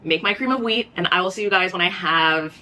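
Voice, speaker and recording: A woman vlogging at home, retelling a story in an animated, gossipy way and saying "like" often. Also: on the low side, fairly quick. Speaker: book vlogger. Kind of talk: casual chatty vlog narration.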